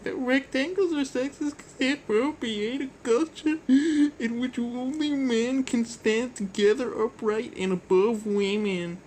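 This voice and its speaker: A man putting on a falsetto voice to play an indignant woman activist in a mocking, exaggerated way. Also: unhurried, few pauses, a little mellow, slight background noise, poor audio. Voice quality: high falsetto.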